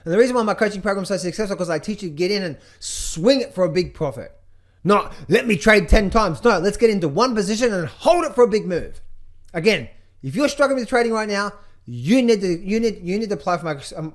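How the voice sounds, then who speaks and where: A middle-aged man coaching on trading, talking over charts in an energetic, playful way, chanting phrases in a sing-song repetition. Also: high voice, fast. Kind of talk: casual market commentary over charts.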